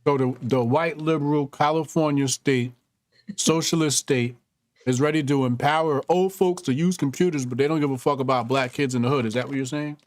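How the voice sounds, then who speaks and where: A man chatting on a live stream in a relaxed, blunt way. He laughs easily and drops sharp political jabs in an ordinary mid-range voice. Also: medium pitch, a little fast, dry recording. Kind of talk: casual live-stream chat.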